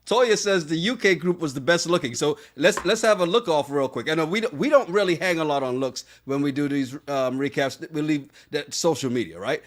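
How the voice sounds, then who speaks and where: A man's voice: on the high side, a little fast, few pauses. A man in his thirties co-hosting a casual podcast chat, teasing his partner and reading out viewer comments. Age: 30s. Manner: teasing, playful questioning. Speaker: podcast co-host.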